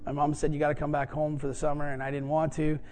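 A man's voice: fairly high pitch, completely flat delivery, fast, a little mellow, a little hiss or hum. A man preaching, telling a personal story and acting out the voices of the people in it. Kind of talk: sermon storytelling.

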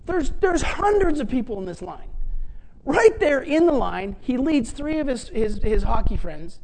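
A middle-aged preacher giving a sermon in a conversational, animated way, often acting out what others said. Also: high-pitched, a little slow, poor audio. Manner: animated, acts out quoted dialogue; conversational, many fillers and restarts. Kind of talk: sermon storytelling.

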